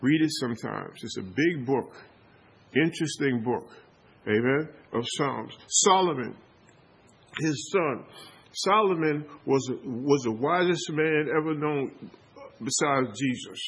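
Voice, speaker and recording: A man's voice: mid-range voice, expressive, takes it slowly, breathy edge. A pastor preaching a sermon with call-and-response, repeating and restarting his words as he builds up.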